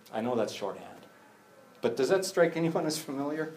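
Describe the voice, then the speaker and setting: A man preaching a conversational sermon, animated, with jokey asides and acted-out bits of dialogue. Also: mid-range voice, fairly quick, a little hiss or hum. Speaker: pastor.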